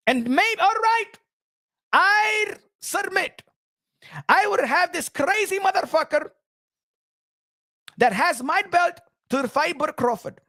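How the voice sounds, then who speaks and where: A pushy, bossy middle-aged boxing promoter, put on by a man in a high, lively voice that swings all over the place. He hammers home his demands and breaks into shouts. The sound is dry and close. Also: dry recording, heavily acted. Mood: demanding. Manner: demanding, repeats himself, shouts. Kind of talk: comic impression.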